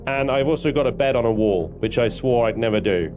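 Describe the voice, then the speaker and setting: Over music, a man with a mid-range voice talks a little fast while livestreaming a space game. He chats loosely and bantering with his viewers, swearing now and then as he gives live gameplay commentary.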